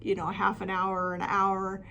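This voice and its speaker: A woman's voice: mid-range voice, completely flat delivery, moderate pace, sharp tone, slight background noise. A middle-aged woman coaching parents with practical advice, talking plainly with frequent ums and restarts. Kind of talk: talking-head advice video.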